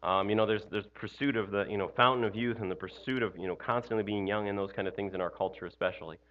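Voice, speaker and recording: This pastor's voice sits on the low side and moves fast, recorded with the highs missing. His Easter morning sermon is casual and chatty, full of "you know" and "right?", with self-deprecating laughter.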